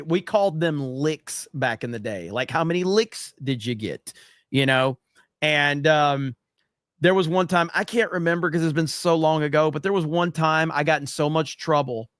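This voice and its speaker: A man hosting a livestream talks in a casual, blunt way and swears freely. His voice sits a little high. The sound is close and dry, with no room around it. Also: a bit bright, no room sound. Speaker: livestream host reacting to clips. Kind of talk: casual profane commentary and chat reading.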